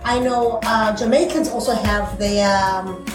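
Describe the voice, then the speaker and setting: Laughing South African woman, fairly high voice. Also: steady tone, roomy sound, far from the mic, music in the background, low-quality recording. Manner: brisk, teasing, laughs often. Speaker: podcast co-host. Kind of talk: casual chat.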